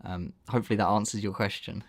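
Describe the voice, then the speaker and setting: A man's voice: lowish voice, steady tone, fast talker, slightly rough, no echo, studio quality. Rambling man hosting a live stream. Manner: rambling, self-interrupting, laughs often. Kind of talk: casual live-stream chat.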